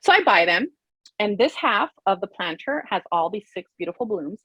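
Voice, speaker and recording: A woman in relaxed conversation, a therapist and life coach telling a personal story with lots of animation. Her voice has a husky, slightly breathy grain. The sound is dry and close, with little room around it. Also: moderate pace, no echo. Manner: animated, acts out quoted voices with big pitch jumps. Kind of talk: casual storytelling chat.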